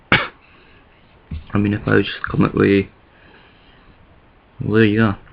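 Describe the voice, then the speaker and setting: A man's voice: lowish voice, completely flat delivery, slow pace, vocal fry, muffled recording. A man from the east of Scotland with a Scottish accent, rambling and thinking aloud in a casual vlog, with many restarts. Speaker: vlogger. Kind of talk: casual talking-to-camera vlog.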